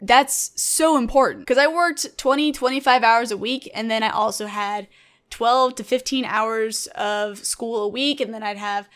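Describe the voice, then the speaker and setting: A woman's voice: fairly high pitch, a little slow. A young woman in her twenties chatting enthusiastically in a casual vlog about her past jobs. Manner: chatty, enthusiastic, animated storyteller. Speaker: gaming YouTuber and streamer.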